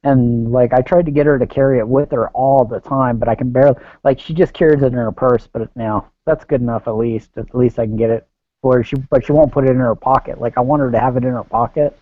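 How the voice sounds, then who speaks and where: A man's voice: medium pitch, steady tone, fast, no echo. A man trading easygoing, profane banter in a casual chat. His voice comes through a tinny, phone-like line with a dry, close sound and no room around it.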